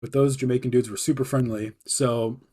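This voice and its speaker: Male host for a laid-back storytelling stream: mellow, warm tone, loose and rambling delivery heavy on filler words, quick to laugh. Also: medium pitch, steady tone, slightly rough. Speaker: podcast host. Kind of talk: casual storytelling.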